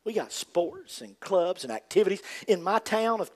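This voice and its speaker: An older man with a Southern accent from North Carolina preaching a fervent sermon, swinging from loud emphatic rises to quiet asides. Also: high-pitched, expressive, normal speed. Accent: Southern American. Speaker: pastor.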